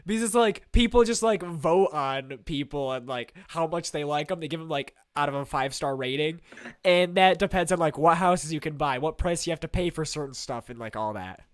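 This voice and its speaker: Chatty, slightly high male podcaster. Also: brisk, no echo, studio quality. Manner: chatty and animated, with filler words. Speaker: podcast co-host. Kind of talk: casual current-events chat.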